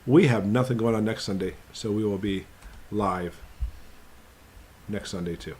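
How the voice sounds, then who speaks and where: A man's voice: on the low side, a little slow, darkish tone, a little hiss or hum. A man hosting a casual live stream Q&A, reading viewers' names off his computer and greeting each one in an upbeat, chatty way.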